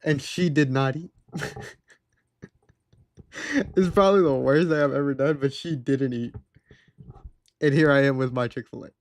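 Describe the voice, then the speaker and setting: A man's voice: mid-range voice, normal speed, long pauses, darkish tone, dry recording. A young man streaming live, casually telling a story in a sarcastic, exasperated, slangy way. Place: home streaming setup.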